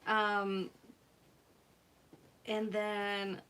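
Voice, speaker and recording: Her mid-range voice is monotone, smooth, and sharp-toned, with drawn-out words. She's a young woman running a craft livestream, casually reading the chat aloud and giggling frequently.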